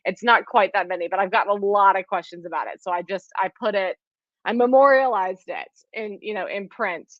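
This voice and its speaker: A woman's voice: medium pitch, a little fast, muffled recording. A chatty woman, hosting a live quilting class and greeting viewers by name. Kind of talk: live-stream chat with viewers.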